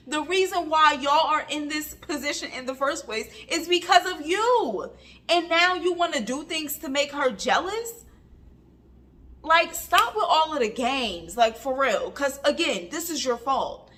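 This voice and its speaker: A woman's voice: sits high, pushed and bright. A woman giving a casual vlog review of a reality TV episode, chatty and emphatic, with lots of filler words.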